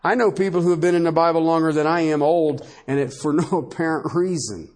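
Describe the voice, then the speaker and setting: A male pastor preaching a sermon with animated delivery, swinging between low asides and high emphatic bursts and laughing often. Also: a little fast.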